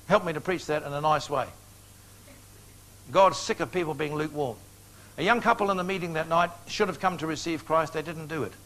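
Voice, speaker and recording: An older man preaching a sermon in a large meeting hall, telling stories in an animated way. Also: a little high. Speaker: evangelist.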